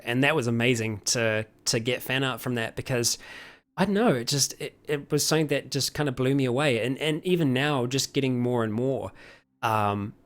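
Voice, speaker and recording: A man chatting casually on a live stream, answering viewer questions with lots of fillers, restarts and chuckles. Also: medium pitch. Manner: rambling, many fillers and restarts, chuckles often.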